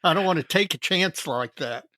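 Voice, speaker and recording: A man co-hosting a podcast in casual chat, easygoing and quick to laugh. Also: fairly high pitch, lively intonation, sharp tone, no echo, studio quality. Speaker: podcast co-host.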